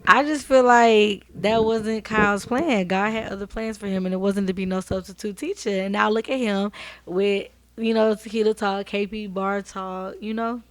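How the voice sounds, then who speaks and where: A woman's voice: mid-range voice, steady tone, moderate pace, dry recording. A woman guest on a podcast, reacting sassily in casual chat.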